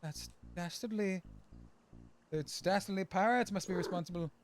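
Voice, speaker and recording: A man's voice: sits high, normal speed, lightly acted. A man voicing a fretful villager in a game, reading the lines in a raised voice.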